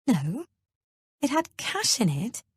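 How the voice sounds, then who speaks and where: A woman reading an audiobook, voicing a gentle, worried husband who talks softly and hesitantly. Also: a little high, wildly swooping pitch, slow, slightly rough, no echo, clean studio sound, voice pushed up, heavily acted. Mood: earnest. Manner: soft, hesitant pleading.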